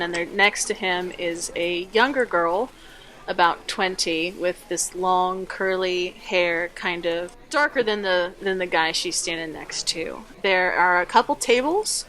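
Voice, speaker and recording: A woman's voice: lowish voice, a bit bright. Woman game master, casual narration, fillers, tabletop role-play.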